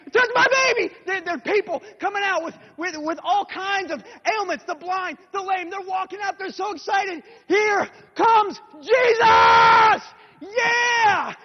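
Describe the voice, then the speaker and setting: Man preaching a dramatic story sermon. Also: very high voice. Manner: acts out the story, swinging from hushed whispers to shouted calls. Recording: dull lo-fi recording in a reverberant hall.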